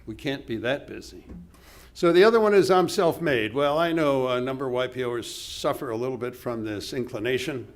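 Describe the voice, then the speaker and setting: A man's voice: mid-range voice, a little hiss or hum. An older man giving a motivational keynote, speaking earnestly in a conversational storytelling manner. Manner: earnest, conversational, acts out quoted dialogue with dropped voice and pauses. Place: conference hall stage.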